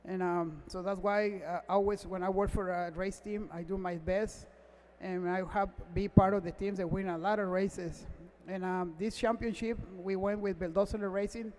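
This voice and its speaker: Near tears, a race car mechanic stumbles through his acceptance speech at an awards gala, repeating himself often in his non-native English. His voice sits high and is a little mellow, with fairly even intonation. Echoey hall reverb surrounds it.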